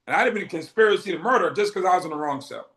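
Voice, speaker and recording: His voice is high, animated and racing, with a fairly bright tone. He's a middle-aged Bostonian being interviewed, a vivid storyteller who acts out the quoted dialogue, recorded with a roomy echo.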